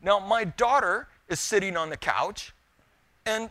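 A man's voice: sits high, expressive, unhurried, bright, forceful tone. A middle-aged man preaching a sermon, telling a folksy story and speaking directly to his congregation. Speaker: pastor.

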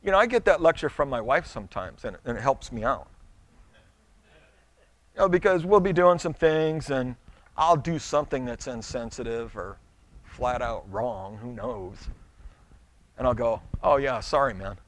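A man's voice: mid-range voice, expressive, normal speed, pauses often, no echo. A middle-aged male pastor preaching a sermon in a conversational way, stumbling over restarts and acting out little quotes.

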